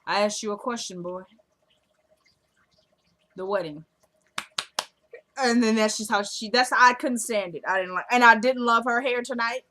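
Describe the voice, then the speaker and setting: In a slightly high voice with a sharp tone, a woman gives a casual TV episode recap. She chats along and performs the characters' quotes as part of the retelling.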